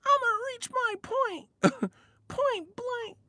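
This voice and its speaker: A squeaky, mousy male pundit with a whiny falsetto that sits far above a normal speaking voice. He sounds exaggerated and mocking, with sharp, bright, crying tones. It is close and dry, with no room sound. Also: lively intonation, takes it slowly, dry recording, heavily acted. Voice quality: squeaky, whiny, high-pitched. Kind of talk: comic impression in a casual vlog.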